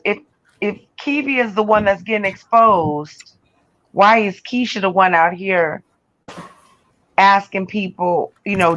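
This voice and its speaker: A woman's voice: medium pitch, fairly bright tone, muffled recording. A woman hosting a live-stream chat, rambling in heated gossip talk.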